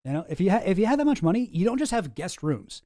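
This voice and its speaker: Sarcastic man with a dark voice. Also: sits high, fast talker, no echo, studio quality. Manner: sarcastic, deadpan asides. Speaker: host. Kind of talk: commentary reacting to clips.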